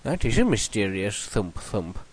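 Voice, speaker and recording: A man voicing a slow, put-upon teddy bear in a storybook parody, plodding and puzzled. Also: on the low side, big pitch swings, pitched below the performer's own voice.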